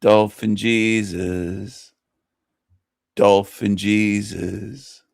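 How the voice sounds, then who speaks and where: A man's voice: fairly low pitch, little pitch movement, drawn-out words, creaky, darkish tone, no echo, clean studio sound. A man hosting a casual livestream, repeating phrases in a gleeful, mocking way. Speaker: livestream host.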